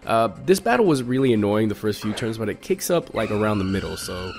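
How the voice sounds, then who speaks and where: A young man casually commentating over his own recorded game battle, excitable and self-mocking, retelling his reactions. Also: on the low side, brisk, gravelly.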